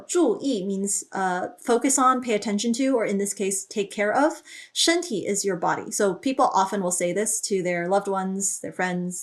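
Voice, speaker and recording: A woman takes listeners through a song's lyrics line by line as a relaxed language teacher. She thinks out loud with small fillers and lifts her pitch when she reads each lyric aloud. The sound is close and clean from a studio microphone. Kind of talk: explaining song lyrics.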